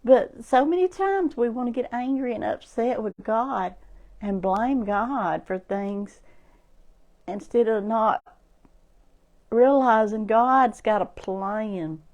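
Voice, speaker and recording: A woman's voice: on the high side, slow, a little mellow, muffled recording. A woman giving an informal sermon, repeating herself and building to emphatic, rising preaching.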